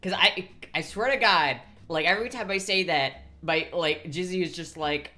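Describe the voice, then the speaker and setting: A young podcast co-host with a Midwestern accent and a bright, forward tone, talking in a loose ramble that trips over repeated words. The pitch sits in a middle range, and the talk is casual and salted with curses. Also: normal speed, soft background music. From Iowa, US. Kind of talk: casual chat.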